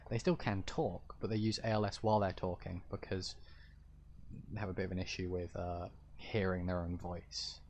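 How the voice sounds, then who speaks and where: A man with a deep-ish, fairly low voice talks casually to his stream viewers as a roleplay streamer. He explains things in a rambling, hesitant way, stopping and restarting his thoughts. A faint hiss sits under his voice. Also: flat delivery, moderate pace, darkish tone.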